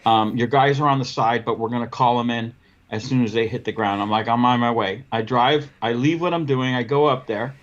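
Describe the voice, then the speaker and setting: A man hosting a casual podcast, telling a work story in an animated way and acting out the dialogue. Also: mid-range voice, fairly quick, dull audio. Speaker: podcast host, window cleaning business owner.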